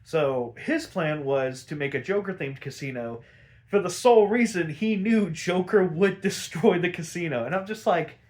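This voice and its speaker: Man, young, slightly high voice, rambling, swears a lot, exasperated. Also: lively intonation, moderate pace. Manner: profane, gets worked up and exasperated; rambling with many "like" fillers. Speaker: show recap host. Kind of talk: casual episode recap.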